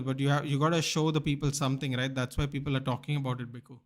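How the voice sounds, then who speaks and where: A man's voice: mid-range voice, level tone, fast. Bantering young man on a football stream. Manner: chatty, bantering, addresses viewers by name. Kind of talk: casual live-stream chat reading viewer comments.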